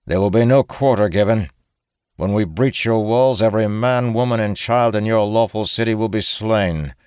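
A man reading an audiobook, voicing a cold, merciless male general who speaks gruffly and evenly. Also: on the low side, moderate pace, dry recording, clean studio sound, pitched above the performer's own voice, close to an everyday voice. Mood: menacing. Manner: gruff, even, unyielding.

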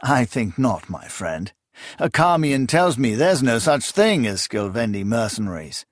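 A man's voice: mid-range voice, sing-song, a little slow, no echo, studio quality. A man doing a proud, commanding prince. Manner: courtly, commanding. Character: proud young prince, commanding and smooth-talking.

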